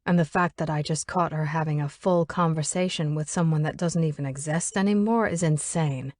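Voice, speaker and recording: A woman narrating an audiobook in a steady, measured reading, recorded close on a studio mic. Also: low voice, no room sound.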